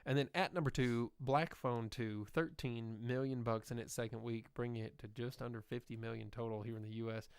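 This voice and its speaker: A man's voice: medium pitch, steady tone, a little fast, few pauses, clear, resonant tone, no echo. A man co-hosting a podcast, running through box office figures in a casual, upbeat way with frequent fillers. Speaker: podcast co-host. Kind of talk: casual chat, reading box office numbers.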